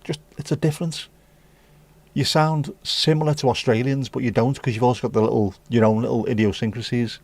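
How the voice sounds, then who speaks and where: A man's voice: medium pitch, fairly even intonation, brisk, a little mellow, no echo. A man with a Scouse accent hosting a casual livestream, chatting with viewers and bantering as he reads the chat. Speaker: livestream host.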